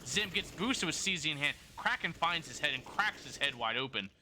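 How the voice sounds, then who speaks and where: Bright-voiced male esports caster with a sore throat. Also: a little high, animated, slight background noise. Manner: rapid play-by-play with self-corrections and chat banter. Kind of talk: solo play-by-play commentary, chatting with live chat.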